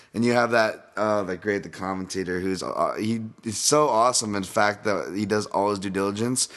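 A man's voice: fairly low pitch, normal speed, hardly any pauses, fairly bright tone. A man hosting a podcast in a casual, rambling way, swearing often and wandering off on tangents. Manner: rambling, profane, goes off on tangents. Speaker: podcast host.

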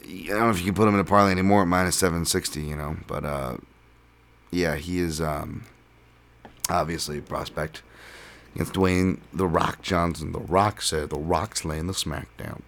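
A man with a very low voice hosts a solo podcast. He talks in a loose, rambling way and leans on "um" and "uh" as he thinks. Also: normal speed. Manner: relaxed, rambling, filler-heavy. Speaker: podcast host. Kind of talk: casual solo podcast talk.

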